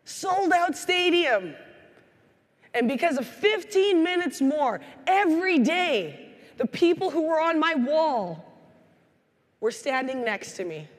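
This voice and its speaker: Energetic woman speaking in a reverberant hall. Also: high voice, slow pace. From Canada. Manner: energetic storytelling, acting out quoted voices. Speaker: keynote speaker. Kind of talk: motivational keynote speech. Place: large hall.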